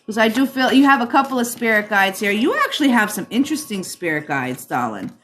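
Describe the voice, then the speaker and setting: A chatty woman with a Rhode Island accent gives a card reading on a live stream. She calls her viewers darling. Her voice sits a little high and sounds bright and forceful. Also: very animated, fairly quick. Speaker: psychic reader and livestream host.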